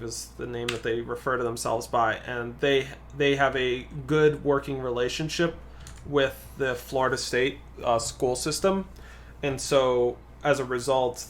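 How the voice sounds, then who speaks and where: A man's voice: mid-range voice, slight background noise. A man, a guest co-player, chatting casually and thinking aloud while commenting on a card game.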